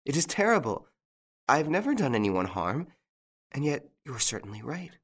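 A male audiobook narrator voices a frightened young French woman of a country estate, pleading anxiously and breathlessly in a raised, lilting, sing-song voice that is a bit bright. Her words come quick and fearful, and her pitch leaps high whenever she is alarmed.

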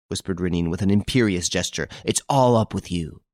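A man narrating a classic detective story in an even, measured reading, voicing the dialogue lightly. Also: sits low, no echo. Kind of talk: scripted audiobook narration.

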